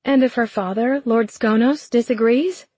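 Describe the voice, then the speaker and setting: Give me a woman voicing an anxious young noblewoman, husky and tense. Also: a little high, normal speed, mellow, no echo, pitched above the performer's own voice. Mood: worried.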